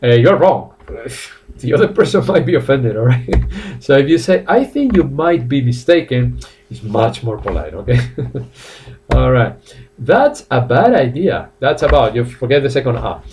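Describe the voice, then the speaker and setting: A man teaching a live online English class, laughing often and repeating phrases slowly for his students; he says he is a little tired. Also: mid-range voice, very animated, noisy background.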